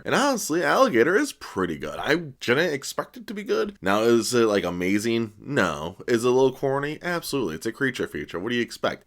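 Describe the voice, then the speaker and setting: Animated rambling man reviewing a movie. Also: lowish voice. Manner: animated, rambling, laughs as he talks. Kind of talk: casual movie review vlog.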